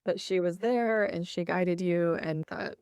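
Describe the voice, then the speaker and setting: A woman's voice: fairly low pitch, unhurried, a little mellow, smooth, no room sound, studio quality. A woman hosting an interview, affirming her guest and asking open questions. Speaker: host. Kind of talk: conversational interview.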